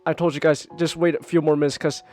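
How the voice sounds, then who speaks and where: A man streaming live and chatting casually, animated and swearing often, breaking into high whoops. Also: fast, soft background music.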